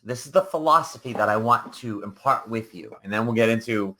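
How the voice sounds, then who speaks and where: A man's voice: lowish voice, brisk, hardly any pauses, sharp tone. A man hosting a solo coaching podcast, talking casually and rambling, often acting out the people he quotes. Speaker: business coach and podcast host.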